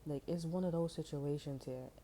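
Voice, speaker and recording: Low, dark-voiced woman reading tarot. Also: normal speed, a little hiss or hum. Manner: slangy, animated storytelling, acting out quoted voices. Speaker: tarot reader.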